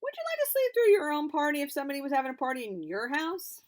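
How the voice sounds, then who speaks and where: A woman reading a picture book aloud to children, animated, pausing to explain words and ask questions. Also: high voice. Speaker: storybook reader for children.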